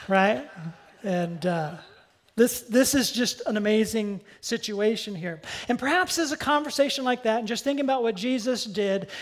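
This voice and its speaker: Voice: mid-range voice, moderate pace. Conversational pastor preaching a sermon. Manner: conversational, with asides and self-corrections.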